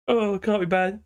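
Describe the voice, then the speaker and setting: A hoarse man hosting a live stream, chatting in a rambling, cheeky way and giggling often. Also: sits high. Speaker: livestream host. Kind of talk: casual live-stream chat. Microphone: headphones with a small speaker.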